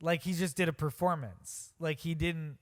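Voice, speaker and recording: A man's voice: on the high side, steady tone, normal speed. Earnest man chatting on a podcast. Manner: earnest, rambling with restarts. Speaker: podcast co-host. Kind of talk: casual podcast chat.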